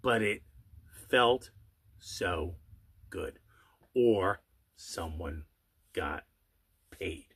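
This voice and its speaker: A man's voice: low voice, expressive, fairly bright tone, breathy edge. A man, the host of his own channel, delivering an angry, sarcastic rant with rhetorical questions and the odd curse, drawing out words for emphasis. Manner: drawls some words slowly for emphasis. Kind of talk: ranting monologue.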